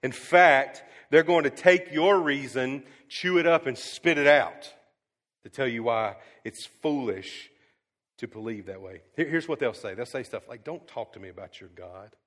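A male pastor delivering a sermon, telling stories with sudden swings from hushed to loud and scattering fillers like um. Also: medium pitch, measured pace, in a large hall. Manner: frequent "um" fillers and restarts.

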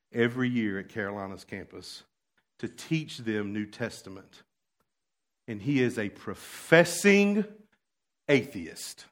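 A man preaching a sermon, dropping to quiet asides and then rising to loud, fervent passages. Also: mid-range voice. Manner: swings from hushed asides to loud impassioned preaching.

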